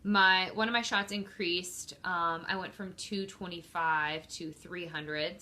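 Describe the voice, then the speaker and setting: A woman's voice: mid-range voice, bright, forceful tone. A woman in her thirties talking candidly and emotionally to the camera in a personal video diary at home. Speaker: vlogger.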